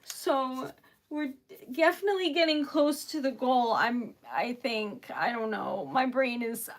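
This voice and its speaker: A woman's voice: high voice, lively intonation, measured pace. A woman streaming live and chatting casually, flustered and giggly, laughing through tears and often trailing off mid-sentence.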